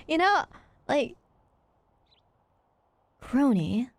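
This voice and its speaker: A young woman with a very high, bouncy voice chats casually on a game stream, teasing and giggling. She often stumbles and restarts her lines. The sound is close and dry. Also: sing-song, extremely slow, no echo. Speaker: streamer host.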